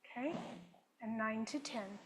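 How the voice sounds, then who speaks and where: A woman presenter at a conference, leading the audience through a guided group exercise in measured phrases they repeat after her. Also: a little high, a little hiss or hum, poor audio. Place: conference session room.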